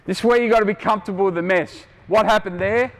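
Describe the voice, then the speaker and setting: Middle-aged Australian male basketball coach, fairly high voice, blunt and wry, echoey gym. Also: quick pace. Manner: quizzing players, blunt and joking. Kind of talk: on-court coaching clinic. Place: indoor basketball court. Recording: long hall reverb from a gym.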